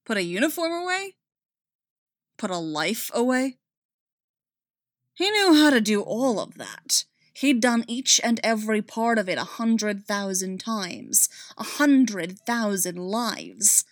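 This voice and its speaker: A woman giving an expressive, dramatic reading of a story. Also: fairly high pitch, unhurried, dry recording, clean studio sound. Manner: expressive, rising and falling with the drama. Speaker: reader.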